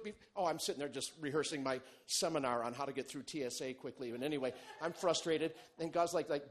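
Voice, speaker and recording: A male pastor preaching a sermon, animated and humorous, moving between loud bursts and quiet, low asides. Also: fast. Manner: animated, humorous preaching with big swings in loudness.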